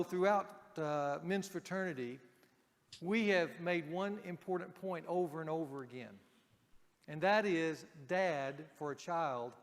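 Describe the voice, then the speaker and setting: Guy preaching to a men's group, kinda high voice, punches words then goes quiet, big echoey hall. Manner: emphatic, dropping to a hush on key points. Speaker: men's ministry speaker. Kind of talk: sermon.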